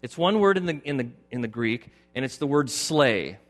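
A middle-aged male pastor preaching a sermon, moving from loud emphatic points to a quiet personal story. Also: mid-range voice, animated, normal speed. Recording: long hall reverb with faint music.

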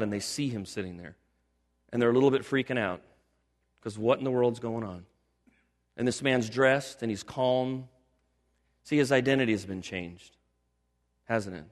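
An older man, a pastor, preaching a sermon with animated storytelling that builds to emphatic exhortation. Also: fairly low pitch, in a large hall.

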